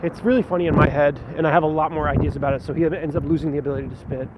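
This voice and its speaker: A man's voice: a little high, fairly even intonation, rapid-fire. A man, a vlogger and stage actor, chatting casually in a rambling, self-deprecating way while he walks and reads viewer comments aloud. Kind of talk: casual live-stream chat while walking. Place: city street outdoors. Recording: muffled lo-fi phone audio with loud street noise.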